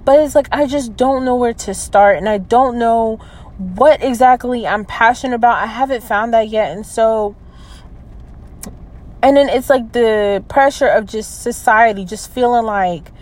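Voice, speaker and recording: A woman in her early twenties venting in a personal vlog. She talks hesitantly, with many fillers and trailing restarts, and sounds low and close to tears. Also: a little slow, a little mellow, rough recording. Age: 20s. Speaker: vlogger.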